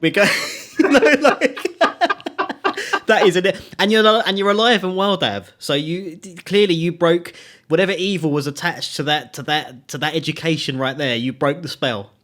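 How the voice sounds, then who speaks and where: A man hosting a casual interview over a video call, enthusiastic and quick to laugh. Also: a little high, a bit bright. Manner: enthusiastic, laughs a lot, says man and mate. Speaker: podcast host.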